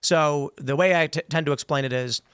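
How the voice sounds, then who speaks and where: Guy hosting a podcast panel, talks super fast, fairly high voice, dry studio sound. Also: clear, resonant tone, no echo. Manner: animated storytelling, acts out quotes. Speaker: podcast host. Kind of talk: casual panel talk show.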